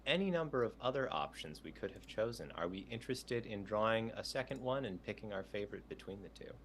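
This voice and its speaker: A man's voice: lowish voice, animated, fast talker, a bit bright, a little hiss or hum. A man running a tabletop game over a video call, reading prompts aloud in an easygoing way. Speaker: game master.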